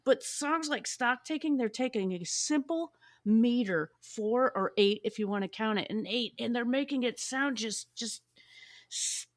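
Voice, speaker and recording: Speaking at a measured pace in a slightly high voice, this podcast host talks casually and excitedly about a band she loves. She curses freely and frequently starts her sentences over.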